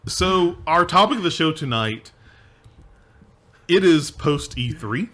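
Bright-voiced laughing podcast host man. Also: a little high, expressive, slow. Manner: laughs often, rambling with restarts. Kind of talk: casual gaming podcast chat.

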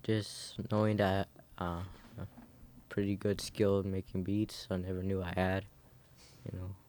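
A young man with a low voice speaks slowly and shyly. He pauses between phrases as if unsure. A faint hum sits behind him. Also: completely flat delivery, a little mellow. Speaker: music student, beatmaker. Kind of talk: casual chat.

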